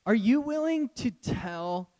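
Male pastor, sermon delivery, high voice with big swings, animated and casual. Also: takes it slowly. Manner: animated, conversational, laughs often.

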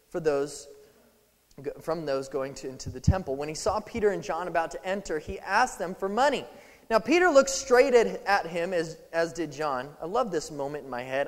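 A man preaching a sermon, casual and animated, acting out scripture scenes in little voices. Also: on the high side. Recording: long hall reverb.

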